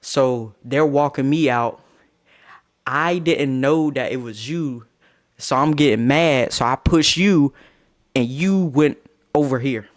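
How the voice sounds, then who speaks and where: A young man on a phone live stream, telling a story in a profane, animated way and acting out what people said. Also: mid-range voice, slow.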